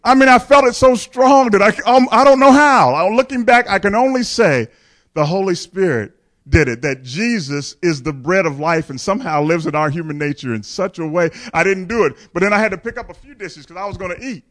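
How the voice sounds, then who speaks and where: High-voiced male pastor telling a funny story. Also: lively intonation, a little fast, fairly bright tone. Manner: candid, humorous storytelling with frequent chuckles; addresses the congregation directly. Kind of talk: storytelling sermon.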